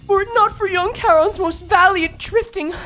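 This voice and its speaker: A woman's voice: very high-pitched, moderate pace, a bit bright, soft background music, voice pushed up. A woman voicing a chivalrous, theatrical young knight girl who talks in grand, archaic phrases. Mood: gushing.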